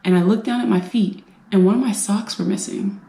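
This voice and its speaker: A woman from the United States telling her own survivor story in an earnest, halting way, repeating phrases for emphasis. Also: medium pitch, vocal fry, mellow. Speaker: brain injury survivor and veteran speaker. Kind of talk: personal storytelling talk. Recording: roomy echo.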